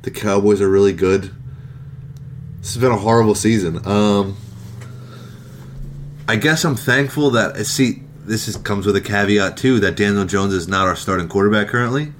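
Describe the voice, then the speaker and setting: A man's voice: lowish voice, normal speed, slight background noise. A man co-hosting a casual sports podcast, sarcastic and self-deprecating. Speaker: podcast co-host.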